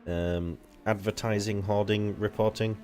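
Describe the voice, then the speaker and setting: Over some background noise, a young man at a measured pace provides live commentary for an online racing league. His delivery is casual and meandering, full of casual swearing, and he shoots up into an excited high pitch when things get intense.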